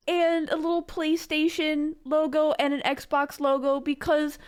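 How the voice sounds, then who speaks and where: A woman's voice: high voice, flat delivery, unhurried, few pauses. A young woman unboxing birthday gifts on her vlog, gushing thanks and tossing in jokey asides. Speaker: gaming YouTuber unboxing gifts. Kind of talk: casual vlog chat.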